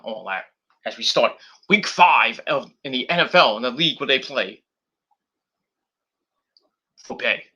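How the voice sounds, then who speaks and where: A man's voice: medium pitch, sharp tone. A man casually reviewing wrestling on a live stream, rambling and swearing, with lots of fillers and restarts.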